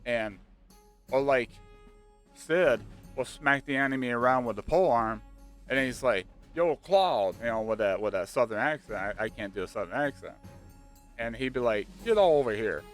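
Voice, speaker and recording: A man chatting casually and excitedly about a video game, rambling with lots of fillers. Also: medium pitch, normal speed. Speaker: gaming channel host. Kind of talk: casual speculative chat. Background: faint background music.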